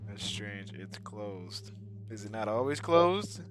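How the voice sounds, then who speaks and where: A young man commenting on a horror game he's playing, loud and joking with lots of slang. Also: on the low side, animated, slow pace, music in the background. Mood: suspicious. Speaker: gaming channel host. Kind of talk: gameplay commentary.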